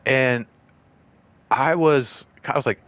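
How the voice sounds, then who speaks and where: A man hosting his own show, telling a story in a loose, rambling way, full of fillers, and acting out quoted lines in a higher voice. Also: takes it slowly, a bit bright, smooth, no echo. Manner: rambling, full of "like" and "you know"; acts out quoted speech in raised voice. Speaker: show host. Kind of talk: casual storytelling vlog.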